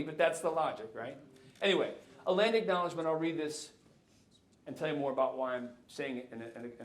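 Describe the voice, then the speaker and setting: A man in his fifties giving a jokey, animated keynote talk to a live audience. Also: mid-range voice, a little hiss or hum. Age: 50s. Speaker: keynote speaker. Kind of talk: conference talk. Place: lecture hall. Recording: echoey hall.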